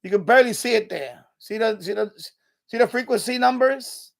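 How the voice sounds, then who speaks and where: A man's voice: extremely high pitch, normal speed, creaky. A man hosting an unscripted live stream from his home radio room, rambling, swearing a lot and sounding irritable as he shows his radios.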